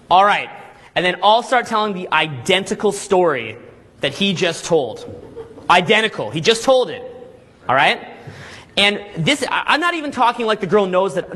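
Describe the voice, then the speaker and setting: Man, high voice, husky edge, energetic seminar coach, keeps asking okay, all right. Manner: acts out little scenes in quick put-on voices. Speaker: dating coach and boot camp instructor. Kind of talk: live seminar lecture to a group.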